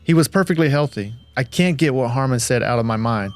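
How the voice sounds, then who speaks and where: A man's voice: mid-range voice, lively intonation, fairly quick, soft background music, natural voice. A man voicing a worried young husband, earnest and pleading. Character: worried young husband grieving his dog.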